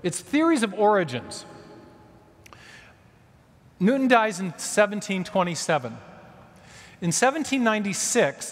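A man giving a conference lecture in a large church hall, telling history as a story with asides and quick self-corrections. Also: high-pitched. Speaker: conference speaker. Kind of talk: public lecture. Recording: long reverb of a large hall.

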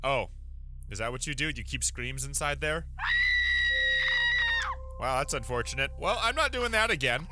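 A young man giving animated, jumpy commentary while playing a horror game, often exclaiming and laughing. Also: mid-range voice, moderate pace, long pauses. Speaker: let's play gamer. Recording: music loud behind voice. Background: game music.

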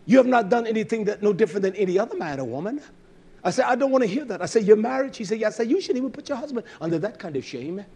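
A man preaching a sermon, bluntly scolding, repeating lines for stress and swinging from soft low talk to loud shouting. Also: animated, racing, husky. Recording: live-streamed service.

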